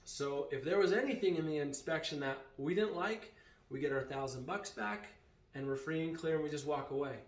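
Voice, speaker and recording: A man tells a story to his vlog audience in a lively, animated way, voicing the people he quotes. His voice sits a little high for a man. The room around him rings with echo. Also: brisk. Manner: animated retelling that acts out quoted dialogue. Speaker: vacation rental owner and vlogger. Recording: echoey room.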